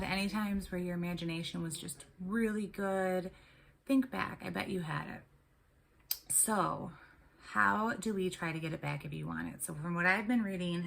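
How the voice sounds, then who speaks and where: A woman's voice: on the low side, gravelly, a bit bright, slight background noise. A woman and mother of three telling a personal story to camera in a casual, rambling way, full of ums and restarts. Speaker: tarot and spirituality vlogger.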